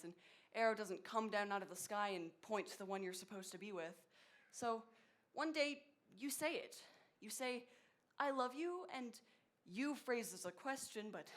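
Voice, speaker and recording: A woman playing a lonely middle-aged man who narrates a stage musical, rambling and confiding to the audience with halting restarts. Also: medium pitch, fairly bright tone. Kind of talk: stage acting, chatty monologue to the audience.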